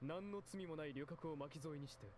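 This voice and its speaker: A man's voice: fairly high pitch, very fast, noisy background, close to an everyday voice. An actor voicing a cold, calculating young man in a visual novel, speaking with cool, composed politeness and a menacing undertone. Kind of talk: Japanese visual novel voice acting.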